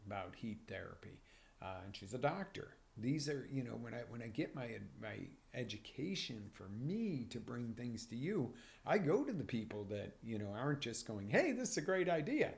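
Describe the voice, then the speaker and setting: Gravelly energetic motivational coach man. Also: fairly low pitch. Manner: energetic, animated, drops to whispers then surges loud. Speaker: life coach and show host. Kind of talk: live motivational talk. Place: broadcast live on social media.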